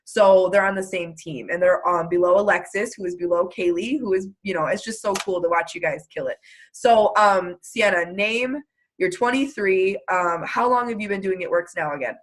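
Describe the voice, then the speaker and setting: A woman's voice: lowish voice, moderate pace. A woman hosting a casual video call, effusive and gushing, full of "like" and filler words. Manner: effusive, gushing, lots of "like" and laughter. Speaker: host.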